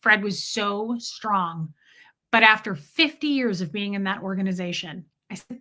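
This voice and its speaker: A woman tells a story from her own life to her viewers. Her voice is bright and crisp. She talks casually and with animation, swears freely, and slips into the voices of the people she quotes. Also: medium pitch, expressive, normal speed. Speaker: streamer telling a personal story. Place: home basement studio.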